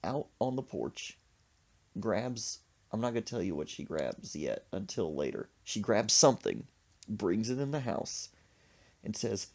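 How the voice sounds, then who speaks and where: A man's voice: fairly low pitch, a little slow. A man telling a comic story on a podcast, acting out sound effects as he goes. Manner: animated, acts out sound effects. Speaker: podcast host. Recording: dull lo-fi recording.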